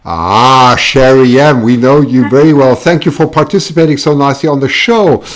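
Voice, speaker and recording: A man's voice: medium pitch, normal speed. A man hosting a live call-in show, chatting casually and rambling, with lots of fillers and restarts.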